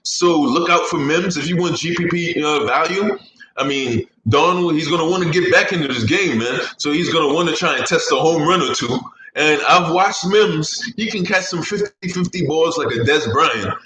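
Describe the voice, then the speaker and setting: A man's voice: a little high, normal speed, noisy background. A man hosting a podcast in casual, rambling chat, swearing freely and laughing at his own jokes. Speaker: podcast host. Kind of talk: casual fantasy sports chat. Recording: echoey room, faint ambience.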